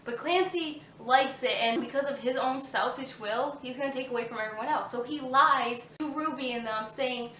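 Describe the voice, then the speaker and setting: Bright, excitable woman recapping a book. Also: high voice, moderate pace, few pauses, slight background noise. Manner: excitable, retells the plot with animated "I'm like" asides. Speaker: book reviewer. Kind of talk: casual book discussion. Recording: roomy echo, distant mic.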